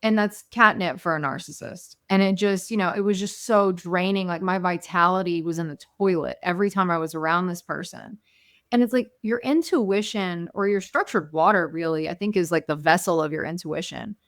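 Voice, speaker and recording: A woman's voice: fairly low pitch, fairly quick, dry recording, studio quality. Earnest woman guest telling stories. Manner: storytelling, reflective and earnest. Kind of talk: casual conversation.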